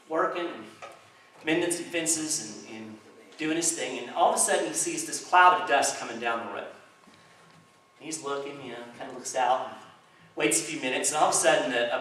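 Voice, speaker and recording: A man giving a public talk to a crowd in a chamber of commerce hall, in an animated storytelling manner. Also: mid-range voice. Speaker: speaker. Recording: echoey hall, distant mic, faint noise.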